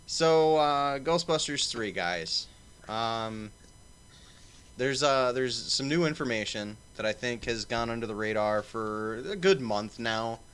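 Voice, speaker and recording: A man's voice: medium pitch, animated, takes it slowly, a bit bright, smooth. A man hosting a casual livestream panel, swearing and rambling with lots of fillers. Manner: profane, rambling, filler-heavy. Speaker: stream host.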